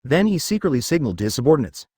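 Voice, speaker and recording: A man reading a web novel aloud as a scripted story narration, in an even storytelling manner. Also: a little high, very fast, husky, dry recording, studio quality.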